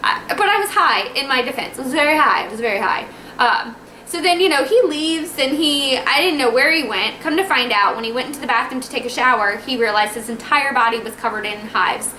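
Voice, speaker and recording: A woman telling a personal story to camera at home in a chatty, animated way, acting out the dialogue. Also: sits high, a little fast, slight background noise. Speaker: vlogger telling her birth story. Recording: echoey room, faint ambience.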